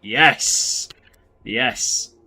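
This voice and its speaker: A British man hosting a casual livestream chat, halting and self-deprecating, often restarting his phrases. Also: medium pitch, pushed and bright, husky. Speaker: channel host.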